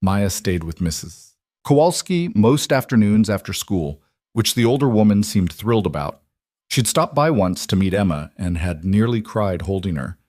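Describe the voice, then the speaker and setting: A man reads a story aloud in an even, unhurried way. His voice sits low, and the recording is close and dry with no room sound. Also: no echo. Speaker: narrator. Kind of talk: scripted narration.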